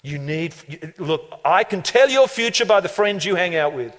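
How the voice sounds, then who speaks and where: A man preaching a lively, joking sermon as pastor of a church, laughing often and building to loud climaxes. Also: high-pitched, normal speed. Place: church auditorium. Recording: long reverb of a large hall.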